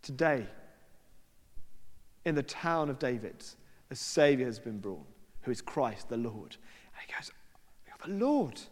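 Male preacher, chatty storyteller, lively swooping delivery, church hall reverb. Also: mid-range voice, unhurried, pauses often. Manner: conversational storytelling with quoted voices and asides. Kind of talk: sermon.

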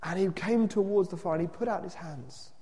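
A man preaching a sermon and reading a story aloud, expressive and questioning, with dramatic drops to a hush. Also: high-pitched, brisk, big-room sound.

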